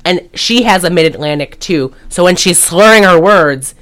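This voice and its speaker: With a fairly low, expressive, slightly bright voice at a moderate pace, a female podcast co-host casually retells a movie. She rambles loosely and uses plenty of fillers.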